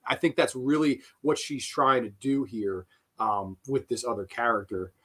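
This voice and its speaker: A man's voice: medium pitch, a little slow. A young man giving rambling, profane live commentary on a horror film and breaking into giggling fits.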